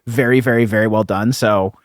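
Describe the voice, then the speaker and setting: Seorang pria membawakan podcast bersama, mengobrol santai tentang komik, sering tertawa dan cepat menyetujui lawan bicaranya. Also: male voice, lowish voice, fairly even intonation, a little fast, dry recording, studio quality. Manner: chatty, laughs often, eager agreement. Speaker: podcast co-host. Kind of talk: casual comic book discussion.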